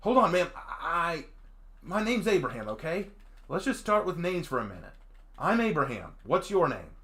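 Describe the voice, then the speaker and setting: Man as earnest young guy, stammering, reassuring, polite, visual novel reading, animated pitch. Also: normal speed. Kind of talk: visual novel read-aloud.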